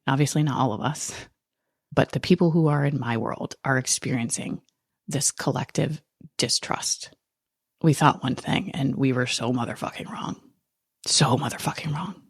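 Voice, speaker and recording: A woman's voice: low-pitched, gravelly, a little mellow, husky, no room sound, studio quality. A woman hosting a podcast, talking through a raw, angry personal monologue and swearing freely. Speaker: podcast host.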